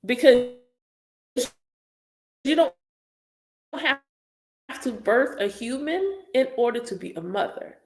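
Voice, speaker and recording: A woman's voice: a little high, animated, slow, long pauses, a little mellow, echoey room. A woman teaching spiritual lessons in casual, emphatic talk during a live reaction stream. She repeats her points for stress.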